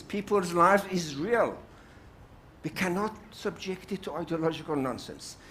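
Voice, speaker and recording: At a summit panel, an older man from South Africa speaks emphatically and outspokenly, restating points to hit them harder in an impassioned speech. His voice has a fairly high pitch, with a little hiss or hum audible.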